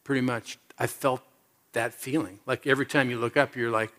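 Bright-voiced storytelling man preacher. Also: brisk. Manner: storytelling, swings from loud animated bits to soft low asides. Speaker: pastor. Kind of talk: sermon.

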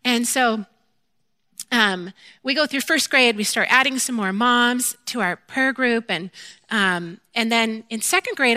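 A woman giving a candid, self-deprecating personal faith testimony, telling her story in an animated way and acting out her own quoted lines. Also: fairly high pitch, no echo. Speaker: mother sharing a faith testimony.

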